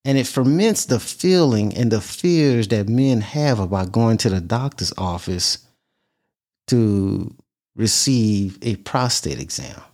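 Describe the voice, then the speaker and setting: A man's voice: lowish voice, expressive, slow pace, darkish tone. A man hosting a vlog, talking earnestly and casually and repeating points for emphasis. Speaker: vlog host. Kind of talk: casual talk to camera.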